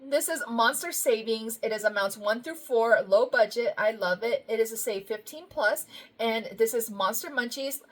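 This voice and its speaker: A woman's voice: fairly high pitch, moderate pace. A woman budgeting vlogger chatting casually as she opens happy mail, gushing and effusive, full of thank-yous and little laughs.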